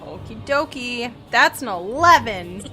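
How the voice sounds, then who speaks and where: A woman runs a tabletop game as game master, her voice bright and a touch high. She paints each monster's reaction in vivid detail and slips quickly into rules checks. Faint music plays underneath. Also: lively intonation.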